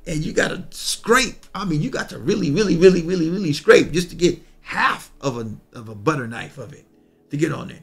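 Gravelly pastor teaching scripture. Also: male voice, mid-range voice. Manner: reads scripture aloud, then explains in a folksy, repetitive way. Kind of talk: bible study teaching.

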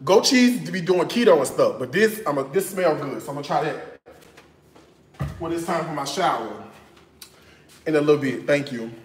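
Sassy, animated man in an echoey kitchen. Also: a little high, normal speed, long pauses. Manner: animated, sassy and chatty, bursts of laughter. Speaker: cooking vlogger. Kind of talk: casual chat.

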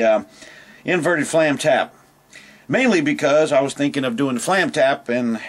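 Rambling casual man teaching drums. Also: mid-range voice. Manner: rambling, self-deprecating, many fillers. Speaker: drum teacher. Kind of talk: casual video lesson.

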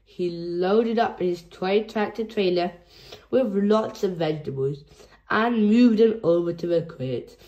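A woman reading a children's picture book aloud in a gentle storytelling manner. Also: mid-range voice, measured pace, lo-fi sound. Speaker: storybook reader.

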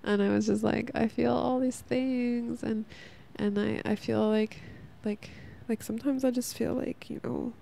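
A woman's voice: medium pitch, fairly even intonation, normal speed, vocal fry, hardly any pauses, warm tone, slight background noise. A young woman hosting a casual spiritual podcast, talking in a rambling, heartfelt way and saying "like" a lot. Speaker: podcast host.

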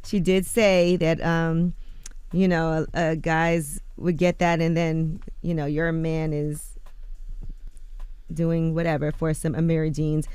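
A woman's voice: low-pitched, little pitch movement, takes it slowly, darkish tone, smooth, dry recording. A woman co-hosting a morning radio show, reading celebrity news and quotes in a chatty way with loose fillers. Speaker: radio co-host reading the rumor report. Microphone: studio microphone.

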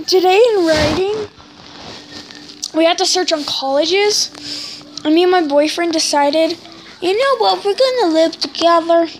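A woman's voice: very high-pitched, slight background noise, rough recording. A sixth-grade girl chatting casually in a home vlog, rambling and filling gaps with "anyway". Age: child, sixth grader. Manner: rambling, keeps saying anyway. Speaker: vlogger.

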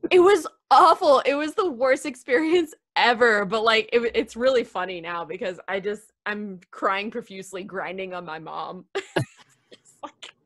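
A young woman, a wrestling interview guest, telling a lively personal story over a video call with laughs and voiced quotes. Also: mid-range voice, moderate pace. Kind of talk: casual storytelling.

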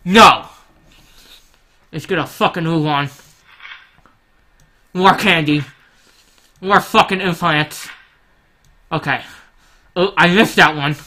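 A man giving comedic gameplay commentary in a brash, profane, mock-rude manner, swinging between loud boasts and mumbled asides. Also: fairly high pitch, takes it slowly, long pauses. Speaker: guest gamer.

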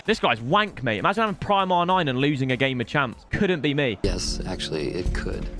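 A young man giving loud, joking commentary over a football video game, swearing often and putting on silly voices. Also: a little high, expressive, a little fast, music in the background. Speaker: gaming YouTuber. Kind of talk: energetic gameplay commentary.

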